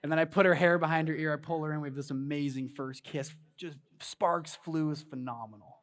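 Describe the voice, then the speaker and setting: This man in his thirties is a conference speaker telling a personal story from the stage of a big event hall, animated and hyping up the audience as part of a motivational talk. His voice sits on the high side and moves fairly quickly.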